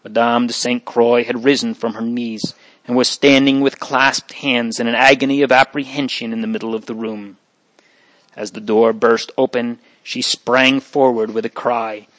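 A man narrating a story in a steady, plain reading style. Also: medium pitch, no room sound, rough recording.

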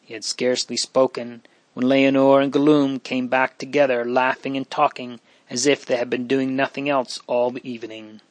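A man narrating a period novel in a measured, even storytelling voice. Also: medium pitch, no room sound. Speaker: audiobook narrator.

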